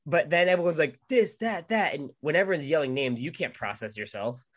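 Animated, foul-mouthed male podcast co-host. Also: fairly high pitch, fast. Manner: animated storyteller, swears a lot, acts out voices. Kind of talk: casual storytelling chat.

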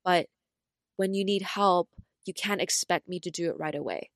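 A woman's voice: moderate pace, no echo, studio quality. Chatty young woman podcast co-host. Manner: animated storyteller, acts out quotes with big pitch jumps; frequent fillers like "like" and "right?". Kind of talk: casual chat.

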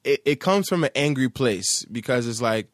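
A man's voice: medium pitch, expressive, moderate pace, dry recording, studio quality. A man, a rapper and producer, chatting casually in an interview, laid back and full of slang and fillers.

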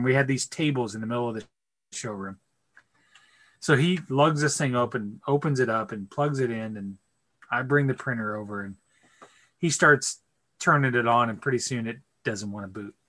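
A man on a chatty podcast, spinning a story full of casual swearing. His voice is bright and forward at a middle pitch, and he tells it with lively energy. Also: normal speed. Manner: profane, animated storyteller. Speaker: podcast co-host.

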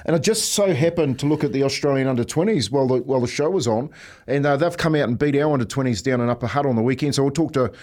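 Chatty New Zealand radio host. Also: male voice, mid-range voice, quick pace, darkish tone. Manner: rambling, laughing storyteller. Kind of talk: casual breakfast radio chat.

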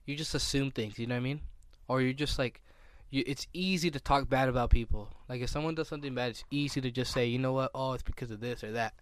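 A man's voice: mid-range voice, quick pace, hardly any pauses. A young man co-hosting a podcast in casual chat, rambling with lots of fillers and restarts. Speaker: podcast co-host.

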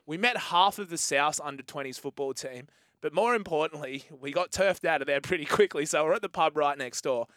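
Higher-voiced radio co-host. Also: male voice, brisk, a bit bright, dry recording, clean studio sound. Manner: rambling, laughing storyteller. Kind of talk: casual sports radio chat. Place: radio studio.

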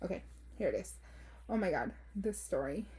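A woman's voice: on the low side, big pitch swings, moderate pace, dark tone, breathy edge. A woman in her thirties hosting a podcast, chatting casually and bluntly as she reads listener stories, swearing freely and dropping in Spanish phrases. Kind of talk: casual chat.

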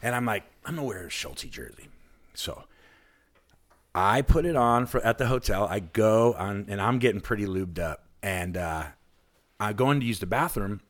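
A man from Alaska, a podcast guest, telling a long, excited anecdote in casual chat and acting out the people in it. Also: fairly low pitch, moderate pace. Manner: excited, rambling anecdote with lively quoted voices.

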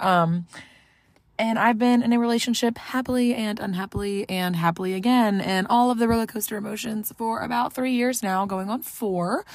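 A woman's voice: medium pitch, dry recording. A woman from Southeast Texas hosting a casual solo podcast from inside her car, talking into a phone held to her mouth, rambling, swearing freely and poking fun at herself. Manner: rambling, profane, self-mocking. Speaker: podcast host.

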